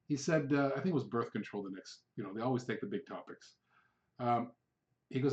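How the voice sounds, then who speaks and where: A middle-aged man giving a sales training talk, telling stories with animated delivery and acting out his past outbursts. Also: medium pitch, moderate pace, dull audio. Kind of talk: training video monologue.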